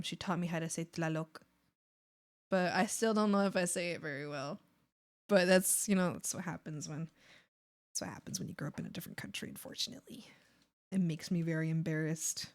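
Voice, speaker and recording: A woman streaming live, chatting casually with her viewers while she draws. She talks in a rambling way, full of fillers, self-deprecating and quick to get excited. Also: mid-range voice, clean tone. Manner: excitable, bursts into giggles.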